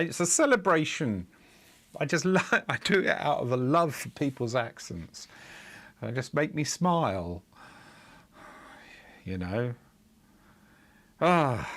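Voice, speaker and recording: A man's voice: medium pitch, a bit bright. A middle-aged man streaming live coding, talking in a rambling, chuckling way with lots of fillers and restarts, and muttering in exasperation while he debugs. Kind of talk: casual live-stream chat.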